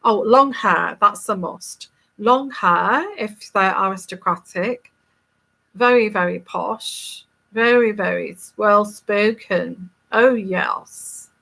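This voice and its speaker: A woman's voice: mid-range voice, slow, vocal fry, pushed and bright. A woman with a neutral English accent, a tarot reader talking casually to viewers in a rambling, emphatic and scornful way.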